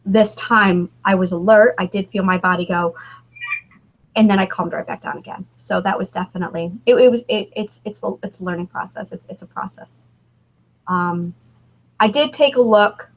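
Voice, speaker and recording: A woman in her thirties speaks as a guest author in a candid conversation. She halts and restarts often as she talks. Her pitch sits in the middle range. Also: poor audio. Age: 30s. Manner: halting, emotional, many restarts.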